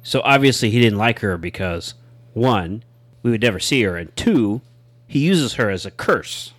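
A man co-hosting a comedic chat, spinning deadpan joke theories. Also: fairly low pitch, moderate pace. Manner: deadpan, conspiratorial joking. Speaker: podcast co-host.

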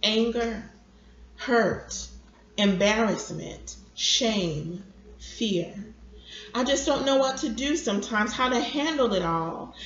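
A woman's voice: fairly high pitch, animated, takes it slowly, a bit bright. A woman reading aloud as a bitter young widower and father who speaks defensively and in anguish. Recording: roomy, dull lo-fi recording.

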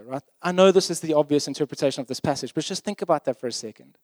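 A man's voice: fairly high pitch, racing, a little mellow, no echo. A man preaching a sermon in a conversational, emphatic way, often checking in with his listeners.

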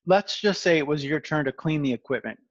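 A man's voice: a little high, animated, brisk, dry recording, lo-fi sound. A man hosting a conversational interview, rambling and self-aware with sarcastic asides. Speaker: podcast host.

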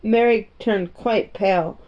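A woman reading a children's story aloud in a gentle, homey storytime manner. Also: mid-range voice, slow pace. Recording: muffled lo-fi recording.

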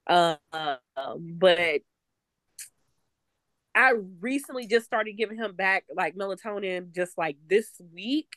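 Woman, casual podcast chat, rambling with restarts, dry close sound, mid pitch. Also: slow, a bit bright, dry recording. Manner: rambling, many fillers and restarts. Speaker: podcast co-host.

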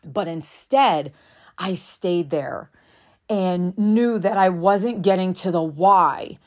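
A woman's voice: fairly low pitch, slow pace, a little mellow. A woman in her thirties, a mother telling a parenting story in a candid, reflective way, swearing now and then. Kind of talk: casual storytelling monologue.

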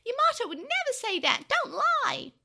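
A woman reading as a tiny loyal storybook creature, very high and bright, crying out in frantic desperation. his shrill pleading squeaks with a baby-like urgency. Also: expressive, normal speed, heavily acted. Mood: desperate.

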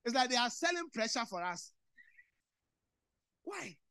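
Male Ghanaian preacher, sermon style, bright forceful tone, dramatic loud-to-quiet swings. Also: sing-song, a little slow, smooth. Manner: swings between loud bursts and low quiet delivery, repeats phrases. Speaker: pastor.

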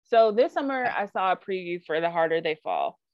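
An animated woman co-hosts a casual podcast and keeps drifting into asides. Her voice is recorded dry, with a dull, lo-fi tone. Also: lowish voice, a little fast, no echo. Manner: animated, with frequent likes and asides. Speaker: podcast co-host. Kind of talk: casual chat.

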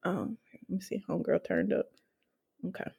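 A woman's voice: lowish voice, fairly even intonation, moderate pace, creaky, dark tone, breathy edge. A woman co-hosting a podcast in casual chat, teasing the others, laughing often and swearing now and then. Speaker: podcast co-host.

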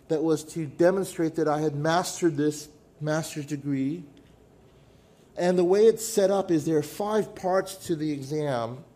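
A middle-aged man preaching a sermon, telling a personal story with dramatic pauses and sudden drops to a hush. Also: fairly high pitch. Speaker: pastor.

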